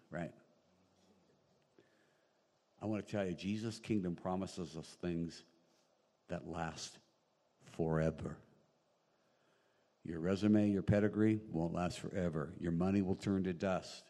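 A man preaching a sermon in a small room, animated and quoting scripture, joking now and then with the congregation. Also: low voice, breathy edge, long reverb tail. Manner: animated, rising loud on emphasis, quoting scripture; jokey asides to the congregation. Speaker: pastor. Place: small room with long reverb.

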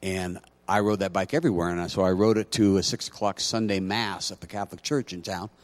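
A man preaching a sermon, telling a personal story in a conversational way and building to loud, emphatic preaching. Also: low voice, fairly even intonation, fast talker. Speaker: pastor.

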